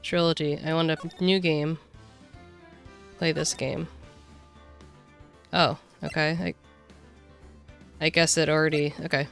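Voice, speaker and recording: A woman's voice: low-pitched, little pitch movement, takes it slowly, long pauses, soft background music. A woman streamer chatting casually while setting up a game, muttering to herself.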